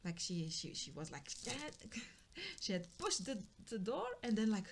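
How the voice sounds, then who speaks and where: A woman's voice: medium pitch, very animated, slow. A woman channeling reader in casual spoken storytelling, her voice in the middle range. She rambles along with lots of fillers and restarts. A faint hiss sits under the recording.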